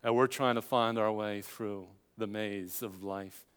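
A man's voice: lowish voice, fairly even intonation, measured pace, a bit bright, clean tone, big-room sound. An older man preaching a sermon, telling a personal story with quoted dialogue and building to emphatic climaxes.

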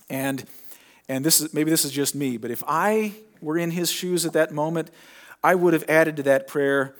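A middle-aged male pastor preaching a sermon, retelling a story in a conversational way with dramatic pauses. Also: fairly high pitch.

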